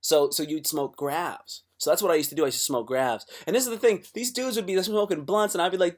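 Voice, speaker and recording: A man's voice: a little high, lively intonation, quick pace, few pauses. A man talking casually to his livestream chat, rambling and swearing, with many restarts.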